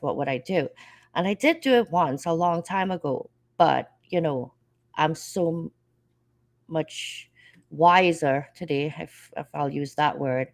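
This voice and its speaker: A woman's voice: low voice, creaky. A woman talking as a guest on a live panel chat, reflective and speaking with conviction.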